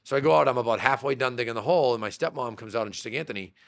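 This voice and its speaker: Rapid-fire and mid-range, the voice comes from a Massachusetts man who owns a real estate brokerage. As a podcast guest in a casual interview, he rambles about his childhood, full of fillers and restarts.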